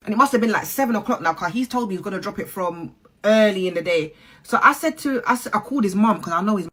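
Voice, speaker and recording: Woman hosting a storytime vlog, animated, quick delivery, slangy and direct, slightly husky tone. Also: medium pitch. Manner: animated, slangy, talks straight to viewers. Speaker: channel host.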